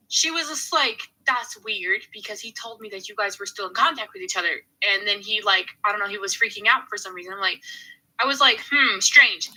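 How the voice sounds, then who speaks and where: A woman's voice: medium pitch, low-quality recording. A young woman telling a dating drama story to her viewers in a casual, chatty way, swearing freely and filling gaps with "like" and "um". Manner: animated, profane, chatty with many fillers. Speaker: storytime host.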